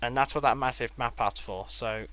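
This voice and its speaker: A man's voice: medium pitch, moderate pace, background noise. A man giving a casual, rambling tour of his game builds, with offhand delivery and dry sarcastic asides. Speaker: gaming creator.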